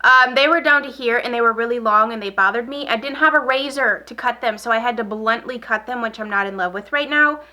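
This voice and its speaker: A woman beauty vlogger in a relaxed get-ready-with-me chat, rambling and repeating herself while she applies makeup. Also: on the high side, fairly quick, few pauses. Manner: talks while applying makeup.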